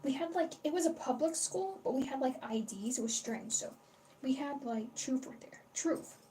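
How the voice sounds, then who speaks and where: A young livestream host with a high-pitched, warm, animated voice talks at a moderate pace. Casual and chatty, she rambles, swears freely, and greets her chat; the recording is from a distant mic with faint background noise.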